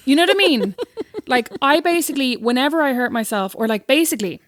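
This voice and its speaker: In a casual podcast chat, a woman co-host with a high-pitched voice talks at a quick pace, animatedly voicing the people in her stories as she quotes them. The recording is studio quality with no room sound.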